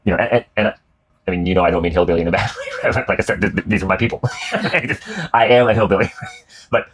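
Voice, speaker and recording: A man's voice: low voice, quick pace. A man hosting casual chat about comedy clips, rambling with many restarts, swearing and laughing. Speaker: host reacting to comedy clips.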